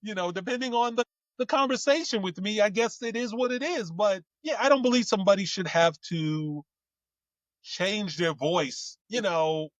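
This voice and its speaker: High voiced guy chatting, rambly, full of you knows, dry close mic. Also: normal speed, no room sound. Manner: rambling, with many fillers and restarts. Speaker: co-host. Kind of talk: casual chat.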